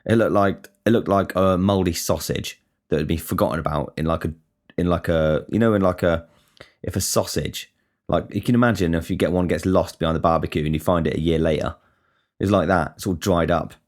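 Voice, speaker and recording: A man's voice: deep voice, fairly quick, darkish tone. A man hosting a casual solo podcast, rambling and swearing with many restarts. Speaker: podcast host.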